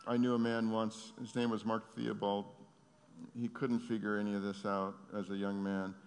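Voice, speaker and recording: A man's voice: on the low side, level tone, moderate pace. Pleading male pastor in echoing hall. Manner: pleading, repetitive, rising to urgent cries then hushed. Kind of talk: sermon prayer. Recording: long hall reverb with guitar music. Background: soft guitar playing.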